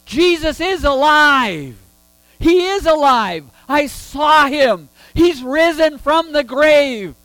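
A man's voice: very high-pitched, lively intonation, slow, pushed and bright, dry recording, voice pushed up, exaggerated voice. A man voicing a joyful woman disciple in a sermon, with emphatic exclamations. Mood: excited.

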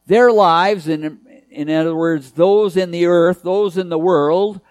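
A man's voice: high voice, steady tone, slow pace, darkish tone, no room sound. A man preaching a sermon in an earnest, emphatic way, repeating key phrases.

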